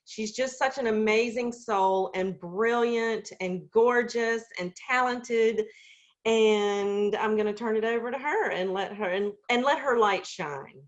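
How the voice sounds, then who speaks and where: A woman hosting a casual group video call, talking in a hesitant way with many fillers and warm, effusive praise of her guests. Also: a little high, measured pace, dull audio.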